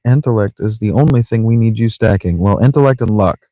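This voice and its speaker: A man with a lowish voice chatting his way through a video game, rambling and joking to himself and mangling words for fun. He talks from a sleeping bag in a tent. The sound is dry and close. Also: brisk, hardly any pauses, mellow, no room sound. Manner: rambling, joking self-talk with playful mispronunciations. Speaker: let's play streamer. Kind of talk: casual gameplay commentary.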